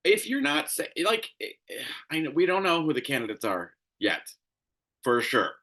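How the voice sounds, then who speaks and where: A man's voice: on the high side, wildly swooping pitch, moderate pace, gravelly, pushed and bright. A man hosting a solo commentary show, ranting in a profane, exasperated way, tired and crabby. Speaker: show host.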